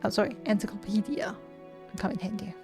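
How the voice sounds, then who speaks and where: A woman's voice: medium pitch, fast talker, over music. A woman playing a game and thinking aloud in casual let's-play commentary. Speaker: gaming streamer.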